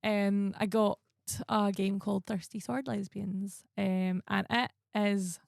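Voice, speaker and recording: A woman's voice: medium pitch, flat delivery, slow pace, creaky, no room sound, clean studio sound. A woman co-hosting a podcast, speaking hesitantly with frequent ums. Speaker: podcast co-host. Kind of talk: casual chat.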